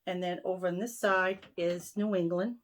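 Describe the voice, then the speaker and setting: A woman's voice: lowish voice, fairly even intonation, normal speed. Chatty Boston woman showing her stitching. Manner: chatty, many ums and restarts. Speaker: stitching vlogger. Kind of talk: casual show-and-tell chat. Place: home sewing room.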